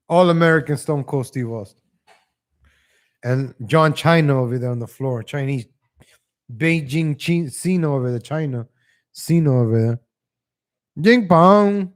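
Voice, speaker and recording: Chuckling, rambling male stream host. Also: mid-range voice. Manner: rambling, chuckles often, addresses viewers as ladies and gentlemen. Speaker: livestream host. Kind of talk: casual opinion commentary.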